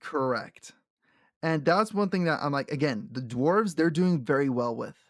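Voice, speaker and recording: A man co-hosting a casual podcast who laughs often and acts out quotes from the show in animated bursts. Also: on the high side, moderate pace, dry recording, studio quality. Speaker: podcast co-host. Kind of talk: casual chat.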